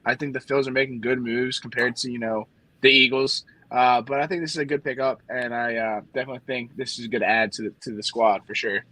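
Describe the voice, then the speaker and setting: A man from Delaware co-hosting a sports podcast, relaxed and hedging as he talks. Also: medium pitch, a little fast, dry recording, low-quality recording. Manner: relaxed, hedging, says "like" often. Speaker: podcast co-host. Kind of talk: casual sports podcast chat.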